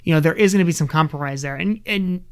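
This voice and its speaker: A man's voice: on the high side, quick pace, clean tone. A man co-hosting a podcast, giving earnest opinions on a show in casual chat. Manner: opinionated, earnest, with frequent fillers. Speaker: podcast co-host.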